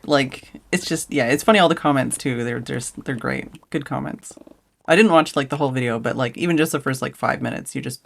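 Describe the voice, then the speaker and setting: A woman's voice: deep voice, creaky. A woman streamer chatting casually on a live stream, rambling and giggly, full of fillers and restarts. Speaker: streamer host.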